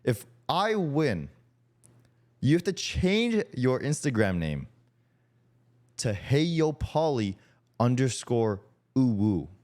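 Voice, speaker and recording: A man's voice: medium pitch, sing-song, takes it slowly, long pauses, a little mellow. A young man hosting a streamer podcast, teasing his guest in casual chat, swearing freely and laughing often.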